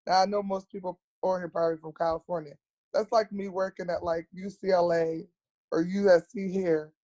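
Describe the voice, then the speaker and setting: A woman's voice: fairly low pitch, little pitch movement, brisk, mellow, dry recording. An earnest woman speaks as a guest on a podcast. She tells her story candidly and plainly. She often repeats words to stress them.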